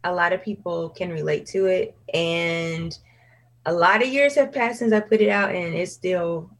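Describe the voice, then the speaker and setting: A woman's voice: on the low side, normal speed. A woman singer speaking candidly as an interview guest, laughing often and acting out her own past remarks. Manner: frank, laughs often, quotes herself in lively asides. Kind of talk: candid casual conversation.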